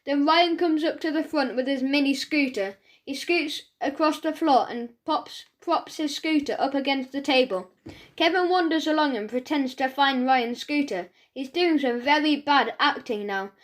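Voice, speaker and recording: A woman's voice: high-pitched, moderate pace. A woman narrating a children's audiobook in a chatty first-person voice, telling the story as a schoolboy.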